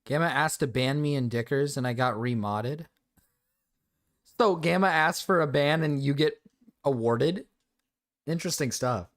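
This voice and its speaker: A man's voice: medium pitch, measured pace, long pauses. A man streaming and reacting to videos, casual, crude and often laughing. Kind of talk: casual livestream reaction chat.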